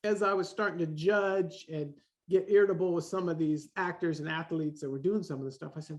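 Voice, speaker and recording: A man in his forties, a podcast guest, talking in a lively way and acting out the voices he quotes. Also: fairly high pitch, a little fast. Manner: animated, acts out quoted voices. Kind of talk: casual conversation.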